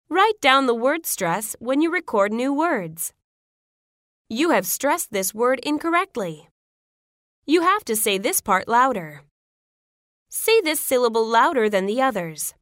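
A woman reading out classroom phrases as a pronunciation teacher, clear and deliberate. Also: a little high, a bit bright, no room sound, clean studio sound.

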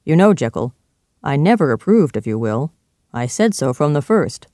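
A reader voicing a calm, worried male lawyer in a storybook reading, speaking slowly and gravely. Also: medium pitch, no echo, clean studio sound, lightly acted.

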